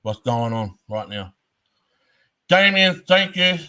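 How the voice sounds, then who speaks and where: A man's voice: medium pitch, sing-song, slow, sharp tone, clean tone. A man giving a heated, blunt commentary rant, swearing constantly and hammering his points. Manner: profane, blunt and emphatic.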